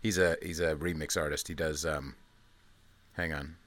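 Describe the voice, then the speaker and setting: A man hosting a casual chat with a friend, laid back and quick with short agreements. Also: rumbling low, flat delivery, a bit bright. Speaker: podcast host.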